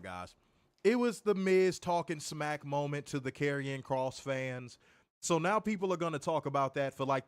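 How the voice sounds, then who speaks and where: A man's voice: mid-range voice, smooth, dry recording. A man with a Chicago accent hosting a casual wrestling review show, ranting and swearing in heated bursts. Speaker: podcast host.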